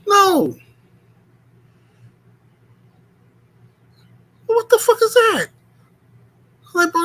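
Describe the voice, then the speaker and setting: A man casually telling a profane, rambling story to his stream chat, animated and full of filler words. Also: high-pitched, low-quality recording.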